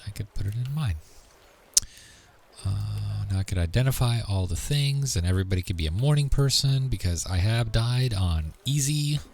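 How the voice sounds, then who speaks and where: Low gravelly man rambling on a game stream. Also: animated, normal speed, a little mellow. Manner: rambling, filler-heavy, muttering asides while playing. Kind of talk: casual gaming livestream chat.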